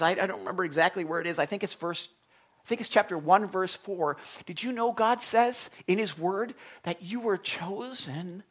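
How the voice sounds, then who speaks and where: Pastor, male, expressive sermon delivery, drops to near-whispers, questions the room, repeats words. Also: sits high. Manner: expressive, swings from loud emphasis to hushed near-whisper; asks the congregation questions, repeats and restarts words.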